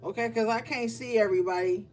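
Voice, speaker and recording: Speaking quickly in a fairly high voice, this tarot reader livestreams a casual reading packed with profanity. She's animated and blunt, scolding viewers and laughing frequently over faint background music.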